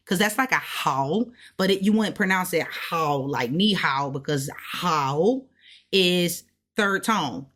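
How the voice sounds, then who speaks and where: A woman's voice: on the low side, slow pace, fairly bright tone. A woman giving a casual self-taught language lesson, thinking aloud as she goes and repeating words to sound them out. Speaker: language learner teaching what she studies.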